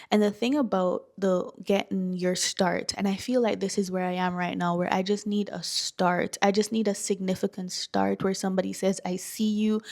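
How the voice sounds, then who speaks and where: Woman, founder vlog, sincere and emphatic, preachy repeats, mid pitch. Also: darkish tone. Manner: earnest, heartfelt, preacherly; emphatic, repeats lines for stress. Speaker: faith-based skincare founder. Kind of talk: personal vlog monologue.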